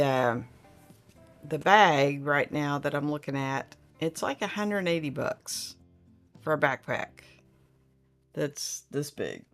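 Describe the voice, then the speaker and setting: A woman's voice: deep voice, a bit bright. A middle-aged woman, hosting a casual livestream chat and reading viewer comments aloud in a rambling, friendly way. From Oklahoma.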